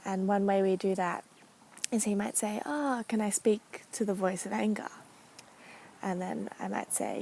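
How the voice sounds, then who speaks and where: Soft-spoken woman with vocal fry. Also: medium pitch, steady tone, slight background noise, rough recording. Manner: soft-spoken, thoughtful, many pauses and fillers. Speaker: speaker sharing a therapeutic practice. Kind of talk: casual reflective talk to camera.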